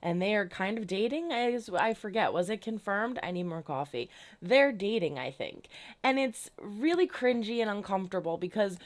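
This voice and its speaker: A woman's voice: mid-range voice, lively intonation, normal speed. A woman chatting casually as a reaction video host, recapping an episode in an emphatic way and now and then slipping into mocking voices. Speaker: reaction youtuber.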